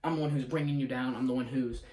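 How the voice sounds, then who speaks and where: A man's voice: medium pitch, steady tone, quick pace, darkish tone. A young man rambling in a casual vlog, scatterbrained and retelling his conversations as he talks about his day. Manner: scatterbrained, quotes himself and others in conversation. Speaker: vlogger. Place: in a car.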